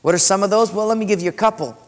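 A male pastor preaching fervently, swinging between loud and hushed and slowing on key words. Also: sits high. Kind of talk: sermon. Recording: long church-hall reverb.

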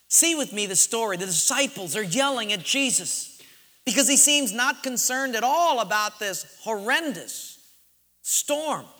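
A pastor tells a sermon story with animated energy, acting out the shouts and laughs himself. His voice sits high and sounds bright. The sound carries a long reverb from a large hall. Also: measured pace.

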